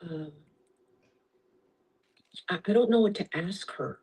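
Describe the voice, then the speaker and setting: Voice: medium pitch, slow, darkish tone, breathy edge, far from the mic, rough recording. A workshop participant speaking hesitantly in casual conversation, searching for words.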